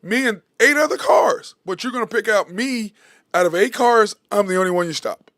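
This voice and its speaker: Heated, high-voiced sports talk host man. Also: normal speed, a bit bright, no echo, studio quality. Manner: heated, blunt, swears freely. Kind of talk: opinionated monologue.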